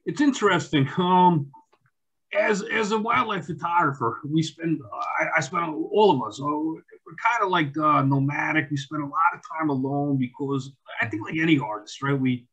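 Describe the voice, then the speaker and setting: A man's voice: a little high, normal speed, a bit bright, slightly rough, low-quality recording. A man, a wildlife photographer and author, telling stories in a casual interview, rambling and repeating his words. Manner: rambling, repeats words, acts out quoted dialogue.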